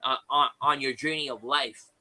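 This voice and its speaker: A man, a guest on a live panel, telling a personal story in a halting way with many restarts and fillers. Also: mid-range voice, fairly even intonation, pushed and bright, rough recording.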